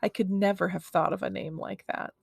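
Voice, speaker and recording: A woman voicing a mild, gentle father in a children's story. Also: mid-range voice, fairly even intonation, a little fast, vocal fry, husky, dry recording, clean studio sound. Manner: mild, a little lame.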